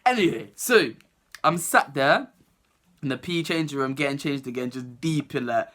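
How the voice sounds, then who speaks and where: A young woman tells a story to camera, her pitch leaping around in an animated, lively way. The tone is bright and clear, and she breaks into laughter as she goes. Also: normal speed. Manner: animated, laughing, acts out other people's voices. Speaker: vlogger. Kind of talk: storytime vlog.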